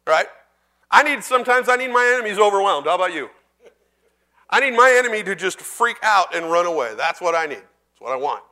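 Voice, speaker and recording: In a church, a man preaches a sermon in a high, sing-song voice that sounds pushed and bright. He talks conversationally with the congregation, asks them questions, and reads scripture slowly and deliberately.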